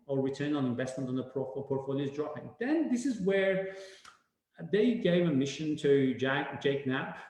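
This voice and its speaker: A man giving a casual webinar talk, animated and rambling, full of fillers and restarts. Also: a little high, normal speed. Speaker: webinar speaker. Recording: very echoey room.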